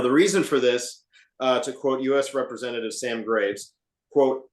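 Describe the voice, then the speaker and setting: Male co-host, mid-range voice, dry and measured, echoey room sound, news-segment reader. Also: mid-range voice. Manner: dry, measured, many uh fillers. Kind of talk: casual fan podcast news report.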